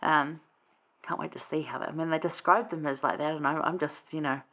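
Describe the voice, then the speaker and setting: A woman's voice: sits low, fairly even intonation, a little fast, fairly bright tone. A woman hosting a casual scripture study, chatty and rambling, with many fillers and asides.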